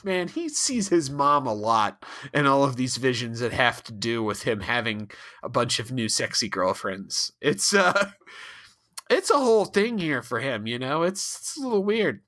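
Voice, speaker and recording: A man chats through a TV episode on a podcast, bemused and laughing, with the odd swear word. His bright voice swings widely in pitch. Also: big pitch swings, a little slow. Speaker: podcast co-host. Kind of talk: casual episode recap chat.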